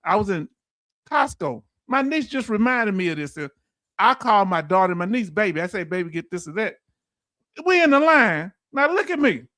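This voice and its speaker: A man's voice: high voice, big pitch swings, moderate pace, sharp tone, no room sound, clean studio sound. A middle-aged man with a Southern US accent hosting a casual livestream, joking, laughing and reading out viewer comments. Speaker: livestream host.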